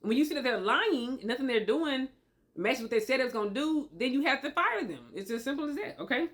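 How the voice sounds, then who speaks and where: A woman's voice: sits high, expressive, brisk, fairly bright tone. A woman giving relationship advice straight to camera, repeating her points emphatically and checking in with "okay?". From Tennessee. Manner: emphatic and repetitive, asks okay often. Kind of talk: motivational monologue to camera.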